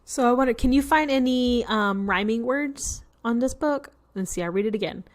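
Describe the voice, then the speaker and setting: A woman's voice: fairly high pitch, normal speed. A woman reading a picture book to children, patiently explaining words and asking questions. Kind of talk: read-aloud lesson.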